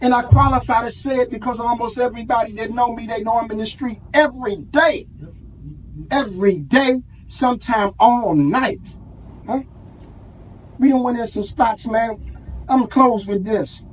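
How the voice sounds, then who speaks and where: A man's voice: very high-pitched, normal speed. A man giving an impassioned speech to a live audience, preacherly, with call-and-response and street vernacular. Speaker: community organizer speaking at an event.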